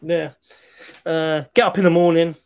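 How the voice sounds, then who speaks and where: A man's voice: on the high side, level tone, normal speed, a little mellow. A man co-hosting a film review show in casual chat, hesitant, with many fillers and restarts. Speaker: film review podcast co-host.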